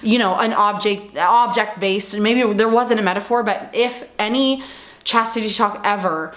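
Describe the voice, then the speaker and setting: A woman's voice: mid-range voice, moderate pace, a bit bright, roomy sound. A woman speaking earnestly to camera as a vlogger, heartfelt and apologetic, with frequent fillers like "like" and "um".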